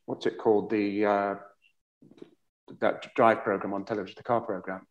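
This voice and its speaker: A man hosting a poetry event, speaking in a steady, measured way. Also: on the low side, dull audio. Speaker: event host. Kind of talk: hosting a poetry event and reading a poem aloud. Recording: roomy hall sound.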